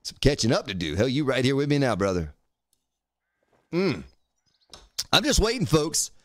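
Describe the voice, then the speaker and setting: A man's voice: medium pitch, wildly swooping pitch, normal speed, no echo. A man live-streaming a survival game, chatting casually, joking and greeting viewers in the chat by name.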